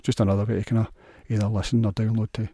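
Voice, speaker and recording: A man's voice: fairly low pitch, level tone, very fast, dark tone, husky, dry recording, studio quality. A man with a Scottish accent hosting a solo podcast, rambling in a crude, sweary, offhand way. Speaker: podcast host.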